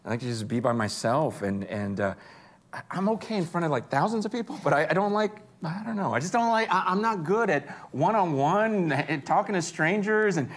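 A man preaching a sermon, telling stories with energy and swinging between hushed and excited moments. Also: fairly high pitch, brisk. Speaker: pastor.

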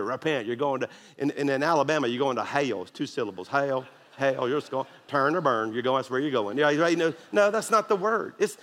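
A man's voice: a little high, fairly bright tone. A man preaching a sermon as pastor, emphatic and calling out to the congregation for responses. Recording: long hall reverb.

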